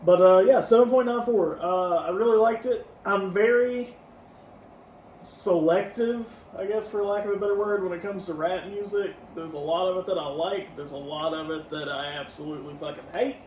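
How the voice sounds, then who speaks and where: In an echoey room with the mic set well back and faint noise, a high-voiced man speaks at normal speed. Relaxed and quick to laugh, he co-hosts a casual podcast where he reviews an album song by song and gives scores out of ten.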